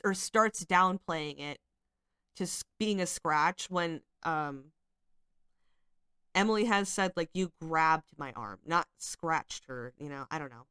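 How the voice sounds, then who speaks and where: A commentary channel host takes it slowly in a low-leaning, pushed, bright voice with a clean tone, recorded dry at studio quality. Reading screenshots, she offers rambling, critical commentary, exasperated and hedging throughout with frequent fillers.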